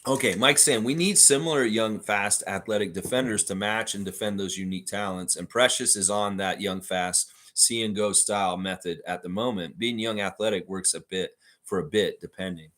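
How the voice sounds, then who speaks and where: A man's voice: lowish voice, normal speed, few pauses, fairly bright tone. A man hosting a casual sports reaction livestream, reading viewer comments aloud and answering them in a chatty way.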